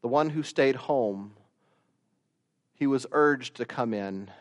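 A man preaching a sermon, slow and deliberate, rising to loud emphatic peaks and dropping to quiet asides. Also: medium pitch. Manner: slow, deliberate delivery with long pauses.

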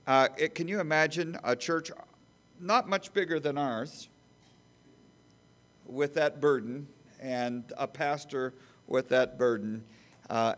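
A man serving as pastor introduces a guest from the pulpit. His voice is gravelly with heavy fry, and he speaks hesitantly with many fillers and a light joking touch. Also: medium pitch. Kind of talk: sermon introduction.

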